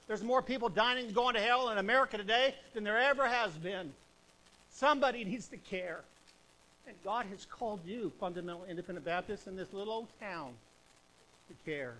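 High, bright-voiced revival preacher man. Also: slight background noise. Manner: swings from loud exhortation to hushed intensity; old-fashioned revival preaching, emphatic repetition. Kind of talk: evangelistic sermon.

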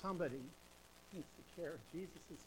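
A man preaching an evangelistic sermon in an old-fashioned revival style, with emphatic repetition and swings between loud exhortation and hushed intensity. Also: on the high side, a little fast, background noise.

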